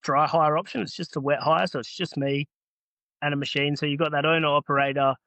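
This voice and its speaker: Animated Australian man telling stories. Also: a little high, brisk, no echo. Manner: animated, acts out both sides of conversations. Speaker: podcast guest, earthmoving business owner. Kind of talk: casual storytelling.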